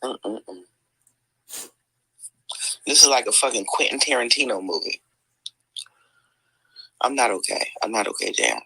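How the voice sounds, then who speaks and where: A woman's voice: extremely low pitch, lively intonation, normal speed, long pauses, sharp tone, slightly rough, no room sound, poor audio. A woman hosting a livestream, talking in heated commentary with lots of swearing, sighs and "mm-mm"s. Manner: profane, exclaiming, lots of sighs and mm-mm.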